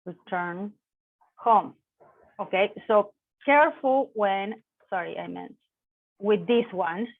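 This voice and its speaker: A woman's voice: medium pitch, vocal fry, dry recording. Woman teaching over a tinny line. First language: Spanish. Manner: explains slowly with self-corrections, mixing Spanish examples. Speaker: Spanish teacher. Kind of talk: online language lesson. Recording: tinny phone-like dry sound.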